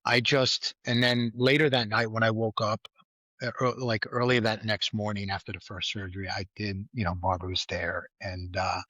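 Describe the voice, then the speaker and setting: A man with a bright, forceful voice tells a story as a podcast guest. He talks in a lively, casual way, laughs often, and slips into the voices of the people in his story. The sound is close and dry. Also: fairly low pitch, normal speed, dry recording. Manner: animated storyteller who laughs often and acts out quoted lines. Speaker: guest, former state trooper.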